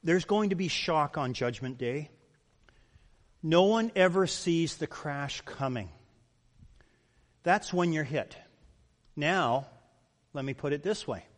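A male pastor preaching a sermon, emphatic and full of rhetorical questions. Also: on the high side. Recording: long reverb of a large hall.

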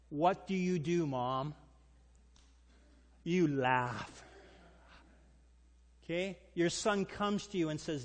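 A man delivers a sermon in an emphatic, animated style, pressing his listeners with rhetorical questions. His voice sits a little higher than most men's. It carries a long reverb tail, as if from a large hall. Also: slow, pauses often. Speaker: pastor.

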